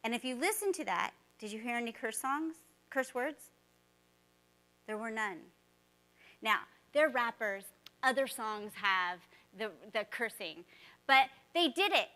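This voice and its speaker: A former teacher gives a keynote in a high-pitched, bright voice. She tells stories in an animated way and acts out the dialogue she quotes. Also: unhurried. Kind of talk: storytelling keynote talk.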